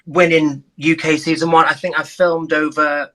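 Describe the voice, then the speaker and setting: Excitable Liverpool man, guest in casual chat, bright and a touch high. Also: normal speed, rough recording. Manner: excitable, effusive. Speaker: guest contestant.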